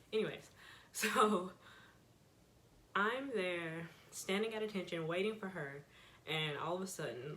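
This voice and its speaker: A woman's voice: deep voice, a bit bright, a little hiss or hum. A young woman vlogger telling a personal story in a casual, chatty way, often laughing as she goes. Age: young adult.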